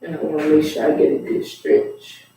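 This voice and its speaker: A man's voice: fairly high pitch, vocal fry, a little hiss or hum. A man leading a home mobility workout, talking casually and unhurriedly as he coaches stretches. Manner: relaxed, unhurried coaching with asides. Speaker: fitness instructor. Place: room at home. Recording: echoey room, far from the mic.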